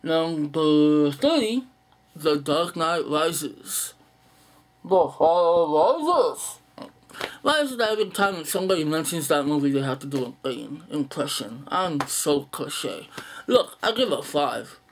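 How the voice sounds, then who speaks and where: A young man casually running through a list in an unedited video, blunt and profane, with sighs and halting fillers. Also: on the high side, big pitch swings, slight background noise. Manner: blunt, profane, dismissive opinions. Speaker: movie vlogger.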